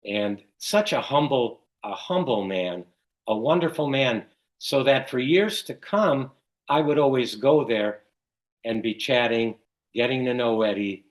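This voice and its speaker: Older man from Chicago, animated storyteller. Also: medium pitch, measured pace, rough recording. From Chicago, USA. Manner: animated storyteller who acts out quoted dialogue. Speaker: guest, cycling race announcer. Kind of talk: casual storytelling in an interview.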